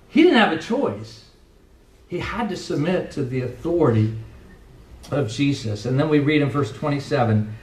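A middle-aged pastor preaching a sermon with earnest, emphatic delivery, recorded from a distance in a church sanctuary. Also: male voice, mid-range voice, darkish tone. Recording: echoey room, voice from a distance.

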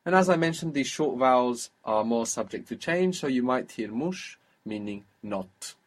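A male language teacher runs a guided one-on-one spoken lesson, prompting the learner and praising every answer. He keeps a steady, patient pace at normal speed, his voice at an ordinary middle pitch.

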